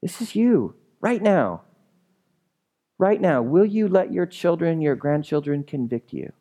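A man's voice: fairly high pitch, animated, normal speed, dark tone. A male pastor giving a conversational sermon, often checking in with the congregation, then leading a prayer.

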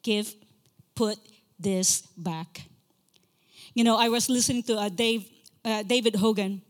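A woman preaching a sermon as a guest speaker, impassioned, repeating key phrases and slowing down to stress scripture. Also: medium pitch. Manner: slows to stress scripture lines. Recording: long reverb of a large hall.

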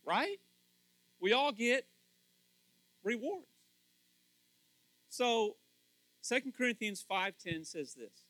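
A man's voice: fairly high pitch, a little slow, pauses often, a bit bright, dry recording, rough recording. A man preaching a folksy sermon who tells stories and keeps asking the crowd fill-in questions. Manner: folksy and storytelling.

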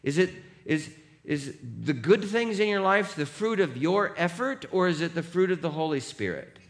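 A middle-aged male pastor giving an animated, jokey sermon, laughing at himself and having the congregation read along aloud. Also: fairly high pitch, normal speed.

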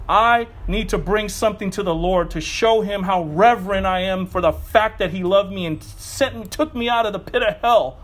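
A man's voice: high-pitched, normal speed, few pauses, fairly bright tone. A middle-aged male pastor preaching a sermon in a fired-up, conversational way with casual asides.

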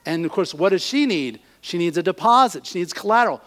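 A man preaching a sermon, animated and acting out the voices of the people he quotes. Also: high-pitched, fast talker, few pauses.

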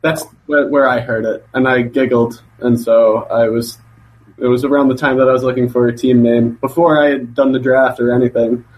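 A man's voice: mid-range voice, little pitch movement, moderate pace, a little mellow, poor audio. A man with an everyday mid-range voice joins a casual podcast chat. He talks bluntly and pushes back on the others. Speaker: league member, podcast co-host.

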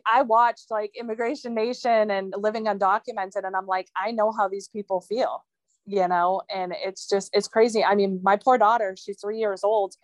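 A woman speaks as a guest and recounts her family's ordeal in earnest, rambling sentences full of fillers. Her voice sits at an ordinary middle pitch. The sound is dry and close, with no room around it. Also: no echo. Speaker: guest sharing a family story. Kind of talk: emotional personal account.

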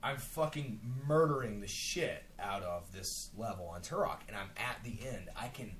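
Profane, animated male podcast storyteller. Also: fairly low pitch, normal speed, slight background noise. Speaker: podcast host. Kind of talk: casual chat.

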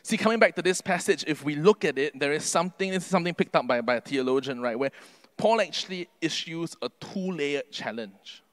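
A man preaching a sermon earnestly, building to emphatic peaks and then dropping his voice low. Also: expressive, fairly quick, fairly bright tone. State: can't sing due to covid.

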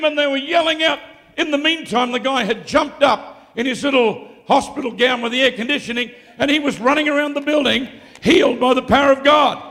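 High-voiced preacher in a reverberant hall. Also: male voice, brisk, gravelly. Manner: swings from quiet storytelling to shouted exclamations. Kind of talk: live sermon with storytelling. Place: large hall, live event.

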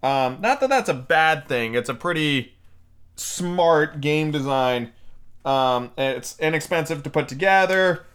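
A man's voice: a little high, lively intonation, a little slow, fairly bright tone, smooth. A man hosting a podcast, chatting casually and reading a book aloud, with fillers and blunt asides. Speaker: podcast host. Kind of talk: casual chat and storybook reading.

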